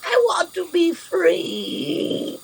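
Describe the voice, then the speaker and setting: A man voicing a desperate, pleading male gnoll prisoner, wheedling and high. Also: big pitch swings, extremely slow, vocal fry, a little hiss or hum, exaggerated voice, poor audio.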